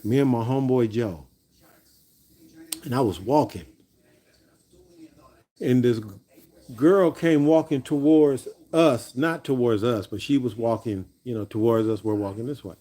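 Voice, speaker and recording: A man's voice: medium pitch, unhurried, pauses often, dark tone. A man hosting a livestream, casually telling stories to his viewers in a rambling way, repeating words as he goes and talking straight to his audience. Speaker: livestream host. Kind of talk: casual storytelling to a live chat.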